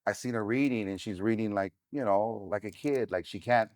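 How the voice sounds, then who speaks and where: A man's voice: lowish voice, fairly quick, darkish tone, no room sound, clean studio sound. A middle-aged man, a podcast guest, telling a personal story frankly and without a filter, with many "um"s and "you know"s. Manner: unfiltered and frank, with many fillers.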